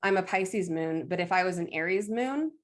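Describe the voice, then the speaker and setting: A woman's voice: fairly low pitch, animated, normal speed. A woman who works as a medium, speaking as a guest in a casual conversation. She talks candidly, laughs often and swears freely.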